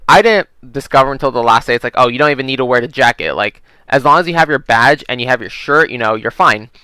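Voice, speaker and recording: Still playing a game, the same kind of young storyteller keeps rambling through a long tale, heavy on "you know" and frequent curses. This time he talks fast, his medium-pitched voice pushed and bright, and the audio stays clean with no echo.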